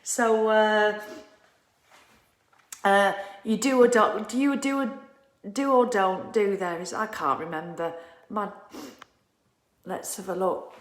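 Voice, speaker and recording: A woman's voice: mid-range voice, slow, pauses often. Ranting woman in an echoey room. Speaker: motivational vlogger. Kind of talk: casual motivational talk.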